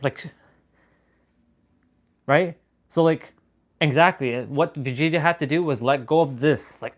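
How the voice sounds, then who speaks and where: A man hosting a fitness livestream, talking in a casual, animated, rambling way and swearing freely. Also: on the high side, unhurried, long pauses. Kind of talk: casual motivational livestream talk.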